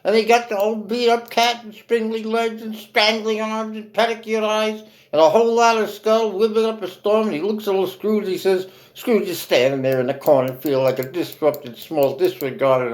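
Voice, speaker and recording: Man, storyteller, jive slang, dramatic, slightly high voice. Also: moderate pace, hardly any pauses, poor audio. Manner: hip slang, lively and dramatic.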